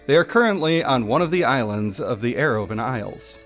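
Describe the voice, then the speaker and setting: A man's voice: mid-range voice, animated, fairly quick, fairly bright tone, soft background music. A man streaming live, reading a game story aloud in a playful, self-mocking way.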